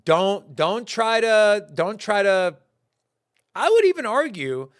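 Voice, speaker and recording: A man's voice: high voice, big pitch swings, slow pace. A man hosting casual market commentary, talking emphatically with slang. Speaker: host.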